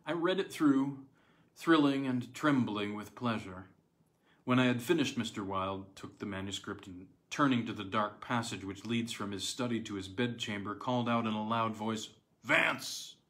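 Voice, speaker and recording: A man narrating an audiobook of a classic tale in a measured, dramatic way. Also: fairly low pitch, fairly bright tone. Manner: measured, dramatic storytelling with slight stumbles. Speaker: audiobook reader.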